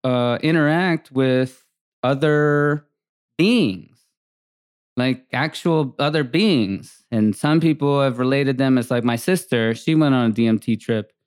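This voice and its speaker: Male podcast co-host, smooth clear voice, rambling, chatty. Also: mid-range voice, takes it slowly, no room sound, clean studio sound. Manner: rambling, animated storytelling with many fillers. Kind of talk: casual chat.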